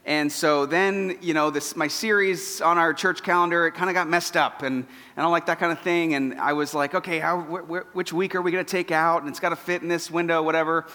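Male pastor, sermon, self-deprecating and emotional, slightly high voice, echoing church hall. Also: steady tone, fairly quick, hardly any pauses, bright, forceful tone. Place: church auditorium. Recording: long church hall reverb.

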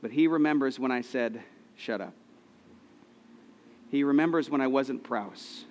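A man's voice: medium pitch, fairly quick, darkish tone, in a large hall, a little hiss or hum. A man in his thirties preaching a sermon, telling personal stories in an earnest way, often restarting his sentences. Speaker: pastor.

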